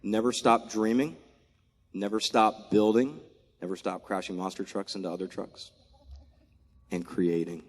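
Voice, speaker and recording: A man's voice: lowish voice, fairly even intonation, measured pace, long pauses. A man in his forties from Maryland, giving a heartfelt farewell speech as an outgoing military commander, thanking people one by one and holding back tears. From Maryland, USA. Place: large aircraft hangar at a ceremony. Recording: long echo of a big hangar.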